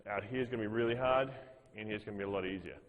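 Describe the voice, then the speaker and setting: Guy with a low voice coaching a workout class, counting reps, big echoey hall. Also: rapid-fire, phone-quality sound. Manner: coaching, counts reps aloud, demonstrates as he talks. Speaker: fitness instructor. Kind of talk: gym class instruction.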